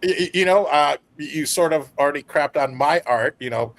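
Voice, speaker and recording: A man's voice: a little high, a little fast. Comedian guy on a podcast panel, joking around. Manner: joking, playful asides. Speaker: actor and comedian guest. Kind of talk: casual panel chat.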